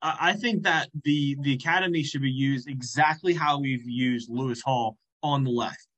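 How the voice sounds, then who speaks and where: Guy with a husky voice talking football slowly and thoughtfully on a podcast. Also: medium pitch, a bit bright, lo-fi sound. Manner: measured, reasoning, with restarts. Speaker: podcast co-host. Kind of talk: casual sports chat.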